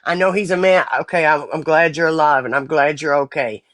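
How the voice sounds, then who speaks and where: A woman in her forties chats bluntly and profanely on a casual live stream. Her voice is low-pitched with fairly even intonation, a little fast, and recorded with no echo.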